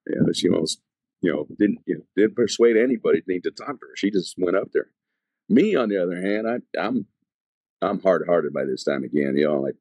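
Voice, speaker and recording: Middle-aged male evangelist, low voice, rambling testimony in a dry room, full of "you know". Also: animated, a little fast, warm tone, no echo. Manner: storytelling, acting out past dialogue. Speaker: evangelist telling his testimony. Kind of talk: casual spoken testimony.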